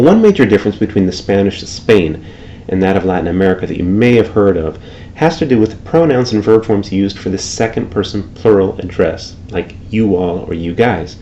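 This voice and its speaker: Low mellow male Spanish teacher. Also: muffled recording, slight background noise. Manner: explanatory, repeats example phrases slowly. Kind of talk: lecture with spoken examples.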